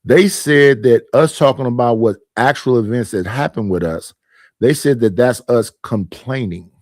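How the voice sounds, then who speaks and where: A man streams on his own channel, where he hosts panels, and delivers a casual monologue, pressing his points hard and going back over them. His voice sits at medium pitch and moves at a normal speed, recorded dry with studio quality.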